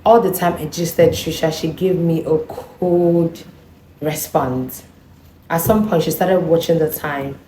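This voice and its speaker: A woman vlogger telling a personal story in an animated, indignant way, acting out the dialogue. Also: deep voice, takes it slowly, a little hiss or hum. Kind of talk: storytime monologue. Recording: echoey room.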